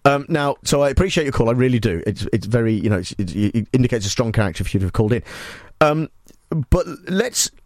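A man hosts a phone-in, rambling and halting with mock earnestness. His voice has a middle pitch and a dry, close sound. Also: expressive, darkish tone, no room sound. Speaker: radio host. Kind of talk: comedy phone-in sketch.

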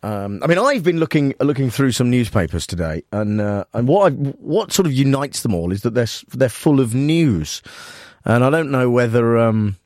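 Rambling deadpan radio host man. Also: medium pitch, normal speed, dry recording, studio quality. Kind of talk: spoof talk radio presenting.

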